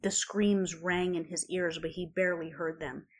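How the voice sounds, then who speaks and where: A woman reading a story aloud in a measured, quiet way. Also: lowish voice, flat delivery, breathy edge. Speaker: narrator. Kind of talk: storybook narration of fan fiction.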